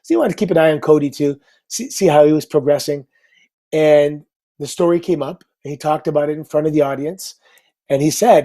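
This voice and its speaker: A man's voice: on the high side, fairly quick. A middle-aged man, a former pro wrestler, telling stories as a guest in a casual interview, acting out the voices of people he quotes. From Canada. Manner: animated, acts out quoted voices.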